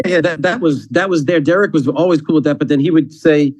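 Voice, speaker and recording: A man who works as an athletic director, a guest on a casual podcast, talking in halting runs and repeating words as he thinks. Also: on the high side, darkish tone, poor audio.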